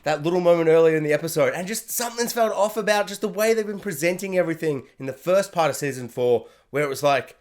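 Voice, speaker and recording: A young man gives an excited solo anime reaction review, gushing and acting out quotes from the show. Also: a little high, quick pace, hardly any pauses. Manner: animated, gushing, acts out quotes.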